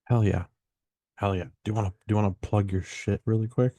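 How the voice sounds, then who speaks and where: A man's voice: fairly low pitch, steady tone, brisk, mellow, no echo. A man hosting a casual podcast, joking around in a laid-back way and swearing casually. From Southern California. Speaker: podcast host.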